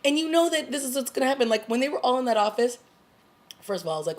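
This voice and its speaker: A woman's voice: sits high, very fast. A woman casually recapping a TV episode in a video review, talking expressively and acting out the characters' lines. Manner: animated, acts out characters' lines. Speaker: TV review vlogger.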